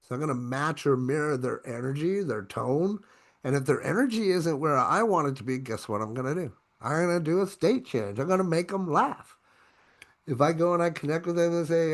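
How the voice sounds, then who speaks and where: Energetic man giving a sales training. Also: on the high side, fairly quick. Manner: energetic, conversational, checks in with "right?". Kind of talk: online training talk. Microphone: own camera.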